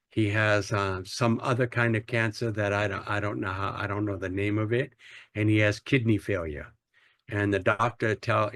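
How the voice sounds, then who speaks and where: A man's voice: on the low side, fairly bright tone, dry recording. A middle-aged man from the United States, a church planter being interviewed, telling a personal story in an earnest, plain-spoken way with frequent restarts.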